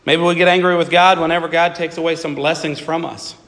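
A man's voice: a little high, fairly even intonation, brisk, fairly bright tone. A man preaching a sermon, reading scripture aloud and voicing a biblical figure's complaints, with emphatic lists of short phrases. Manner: reads scripture aloud and voices Jonah's complaints in plain speech. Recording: long reverb of a large hall.

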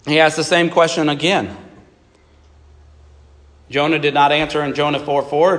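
A man's voice: fairly high pitch, fairly quick, fairly bright tone. A man preaching a sermon, reading scripture aloud and voicing a biblical figure's complaints, with emphatic lists of short phrases. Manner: reads scripture aloud and voices Jonah's complaints in plain speech. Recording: long reverb of a large hall.

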